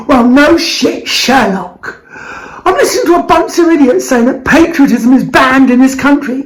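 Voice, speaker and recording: A woman's voice: sits high, rough recording. A British woman hosting a vlog, ranting angrily and swearing, her voice cracking between laughter and tears. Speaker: vlog host. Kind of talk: angry ranting monologue.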